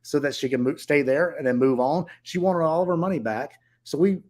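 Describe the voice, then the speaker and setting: A man's voice: on the high side, brisk, darkish tone. A middle-aged man who owns short-term rentals, telling viewers a story in a blunt, profane, heated way.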